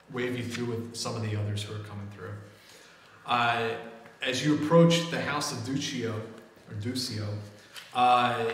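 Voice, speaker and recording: A man's voice: medium pitch, a little hiss or hum. A man narrating as game master of a tabletop game, joking, laughing often and swearing casually. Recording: echoey room, far from mic.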